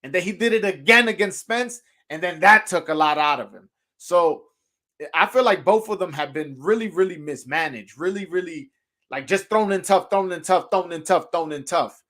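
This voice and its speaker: A high-pitched man hosts a boxing talk show, his voice bright and forceful. He talks loosely and animatedly, swearing freely and laughing between points, with plenty of false starts and repeats. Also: normal speed. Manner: animated, loose and profane, laughing often, many restarts. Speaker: podcast host.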